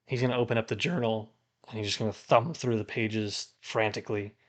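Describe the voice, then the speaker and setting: A man narrating as game master of a streamed tabletop game, unhurried and hesitant, pausing on fillers as he describes scenes. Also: fairly low pitch, fairly even intonation.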